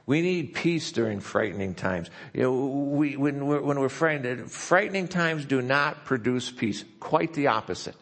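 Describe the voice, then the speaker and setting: A pastor preaching a sermon, slowing down and softening as he reads scripture quotes. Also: medium pitch, lively intonation. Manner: reads scripture quotes slowly and softly, asks if he talks too fast.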